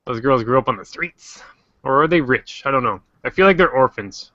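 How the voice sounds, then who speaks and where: Man, stream host, joking, animated, bright tone, dull lo-fi sound. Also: medium pitch, brisk, no room sound. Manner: joking, animated, quotes characters in silly voices. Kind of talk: casual livestream discussion.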